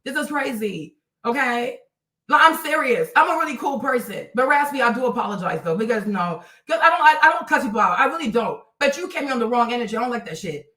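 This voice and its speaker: A woman's voice: fairly high pitch, lively intonation, quick pace, sharp tone. A woman streaming live, talking bluntly and profanely straight at her commenters. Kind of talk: ranting to chat. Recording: roomy, from a distance.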